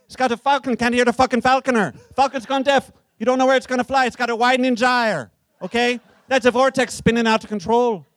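A man's voice: very high voice, fairly even intonation, quick pace, few pauses, fairly bright tone, dry recording. A man playing a jovial, boastful old Irish poet with an Irish accent, on a live comedy stage, swinging between cheeky bragging and ponderous recitation. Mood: boisterous, ranting. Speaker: guest. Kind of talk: live comedic character performance.

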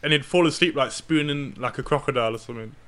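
A man's voice: quick pace, fairly bright tone. A young man co-hosting a casual podcast chat, teasing and giggly. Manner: giggly, teasing, bursts into high laughter. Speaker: podcast co-host.

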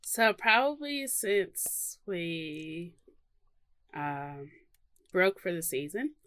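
A woman co-hosting a casual chat podcast, relaxed and quick to laugh. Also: lowish voice. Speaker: podcast co-host.

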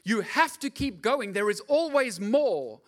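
Animated pastor, bright high voice. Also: male voice, a little slow. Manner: animated, jokey, acts out voices. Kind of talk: lively sermon with humor.

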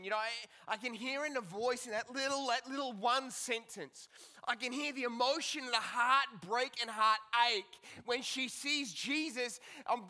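A man delivering a church sermon in a high, bright voice. He swings from loud, pressing emphasis down to hushed, quiet passages. His phrasing is repetitive and dramatic, in the way of a pastor at a service.

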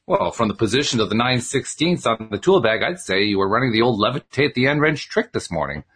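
A man voicing a calm, gently mocking male mystic pilot in a spoken storybook, wry and unhurried. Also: mid-range voice, slightly rough. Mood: teasing.

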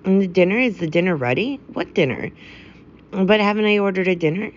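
A woman's voice: mid-range voice, lively intonation, a little fast, close to an everyday voice. Figure: flustered middle-aged male doctor read by a woman. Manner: fussy, panicky. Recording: slightly dull lo-fi audio.

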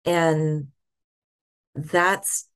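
A middle-aged woman telling a personal faith story as a podcast guest, soft-spoken with thoughtful pauses. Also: low-pitched, fairly even intonation, clean tone.

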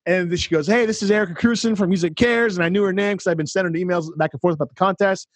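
A man on a podcast, telling an excited story and acting out the dialogue in casual chat. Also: high-pitched, rapid-fire, dry recording. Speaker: podcast co-host, counselor.

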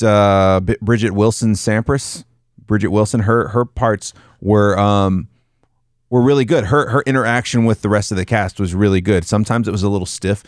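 A man's voice: fairly low pitch, no room sound, studio quality. A man chatting casually about a movie as a podcast co-host, rambling loosely and swearing freely.

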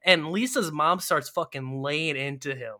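Podcast guy retelling a movie scene, bright kinda high voice, does the characters' voices, swears a lot. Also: measured pace. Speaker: podcast co-host. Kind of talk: casual podcast chat.

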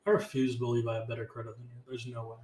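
A young man co-hosting a podcast, sounding tired and run-down, with a deadpan, mumbly, sarcastic delivery. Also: mid-range voice, very fast. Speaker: podcast co-host. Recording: roomy with faint background noise.

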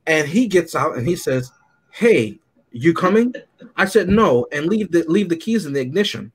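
A man's voice: fairly high pitch, breathy edge. A man casually chatting as a podcast co-host, telling stories with animation and laughing often. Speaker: podcast co-host reviewing a movie. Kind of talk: casual chat.

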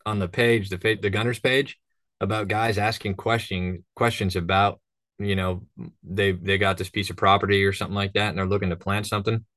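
A hunting guide from northern Minnesota chats casually on a podcast, rambling through stories and acting out voices. His voice is on the low side with fairly even intonation, a little fast and a bit bright, in clean studio quality with no echo.

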